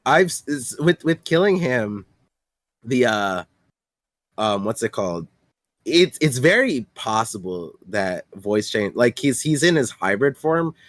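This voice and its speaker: A man co-hosting a podcast, talking excitedly about manga in casual chat, with lots of fillers. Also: mid-range voice, measured pace, no room sound. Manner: excitable, many filler words and restarts. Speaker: podcast co-host.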